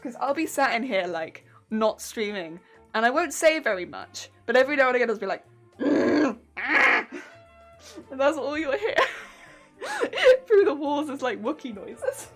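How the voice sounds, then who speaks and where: A woman's voice: high-pitched, sing-song, moderate pace, soft background music. A woman streamer chatting casually while sewing, bubbly and rambling, laughing often.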